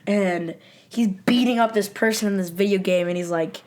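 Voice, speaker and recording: A young woman co-hosting a podcast, chatting casually with a relaxed, easygoing way of talking and quick laughs. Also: medium pitch. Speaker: podcast co-host. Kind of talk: casual chat.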